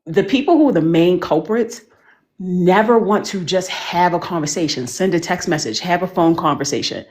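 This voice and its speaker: A woman talking as a panelist in casual chat, animated and emphatic, full of slang. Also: lowish voice, moderate pace.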